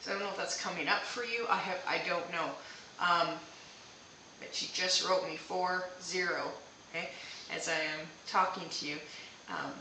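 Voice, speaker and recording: Streaming a psychic reading live, this medium speaks in a voice both very bright and sharp-edged yet lowish, steady in tone and at normal speed. She reassures gently with frequent "okay?" check-ins, seated far from the mic in an echoey room with a faint hiss behind her.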